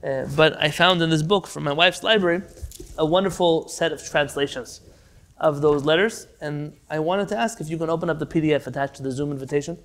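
A man teaching an online class over a video call, telling stories in an animated way. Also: fairly high pitch, brisk. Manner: animated storyteller, some restarts. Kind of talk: online class, storytelling lecture.

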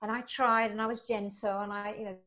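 A woman speaking as a guest in a relaxed interview, her voice at a medium pitch. She tells her stories with lively energy and acts out the dialogue as she goes. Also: a little fast. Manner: animated, acts out quoted dialogue with rising pitch. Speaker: podcast guest. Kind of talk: conversational storytelling.

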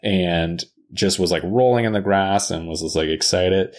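A woman chatting casually and telling a story, swearing freely and jumping into high voices to quote people. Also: moderate pace, a little mellow. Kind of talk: casual chat.

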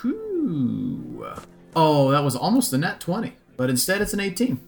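A man's voice: a little high, animated, quick pace, faint music behind. A man playing a tabletop game, searching for words with many fillers. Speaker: player. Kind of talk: casual tabletop play.

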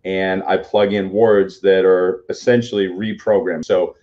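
A man's voice: sits low, level tone, measured pace, a little mellow. A man co-hosting a talk show and asking rambling questions over a video call. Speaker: podcast co-host and coach. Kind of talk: casual interview questions. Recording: dull lo-fi audio.

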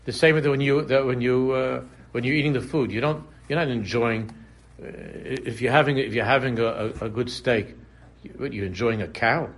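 This man has a mid-range voice and speaks at a moderate pace. He's a Torah teacher running an informal religious class, chatting along, repeating himself, and wandering off into funny examples.

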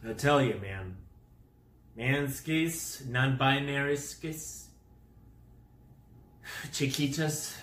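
A man's voice: on the low side, a bit bright, reverberant. A man telling a rambling comic story to camera, with goofy exaggeration and made-up words. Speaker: vlogger.

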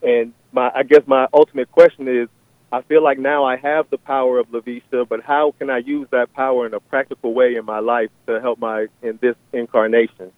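Caller on a tinny phone line. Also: male voice, medium pitch, flat delivery, brisk, dry recording. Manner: hesitant, many fillers and restarts. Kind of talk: phone-in call sharing a vision. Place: on a phone call.

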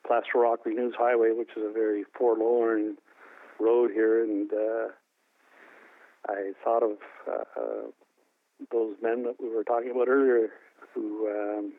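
An older man with a low voice tells a personal story in a halting way, restarting his sentences often. He is from New Brunswick, Canada. The sound is thin and phone-like, with no room echo. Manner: halting, many restarts and fillers. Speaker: interview guest. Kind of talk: emotional personal recollection.

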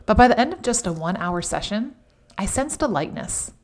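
A middle-aged woman hosting a devotional podcast in a chatty, emphatic way, with sudden animated outbursts. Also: medium pitch, brisk. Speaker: podcast host.

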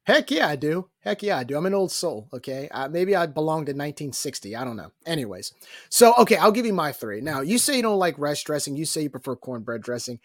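A man from New Orleans, co-hosting a casual sports podcast and telling stories in an animated, joking way. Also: on the high side, quick pace, no echo, clean studio sound. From New Orleans, Louisiana. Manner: animated, jokey storyteller. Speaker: podcast co-host.

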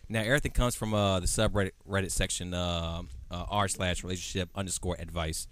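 A man's voice: deep voice, fairly even intonation, brisk, a bit bright, clean tone. A man hosting a casual podcast, laid-back and slangy, laughing often as he talks. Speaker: podcast host.

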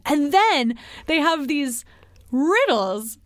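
A woman's voice: high voice, expressive, a little slow, no room sound. A woman co-hosting a podcast, talking about a book in a chatty, critical way with lots of fillers. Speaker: podcast co-host. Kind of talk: casual book discussion.

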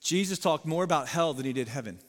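A male pastor preaching a sermon, emphatic, swinging from loud rising appeals to low sober warnings. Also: animated, fast, big-room sound.

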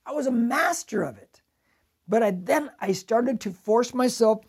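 A male pastor preaching a sermon, telling the story dramatically and swinging from loud to hushed. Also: extremely high pitch, lively intonation, measured pace, slightly rough.

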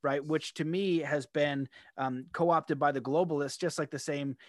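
A man from Canada talking in a rambling, animated way in a casual conversation, often laughing as he goes. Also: on the high side, a little slow, dry recording, clean studio sound.

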